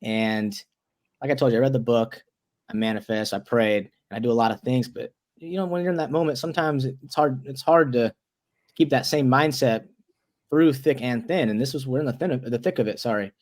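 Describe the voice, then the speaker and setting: A young man in his twenties tells a story as an interview guest. His voice sits at an ordinary middle pitch. He talks loosely, with lots of "like" and restarted words, and slips into the voices of the people he quotes. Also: fairly quick, darkish tone.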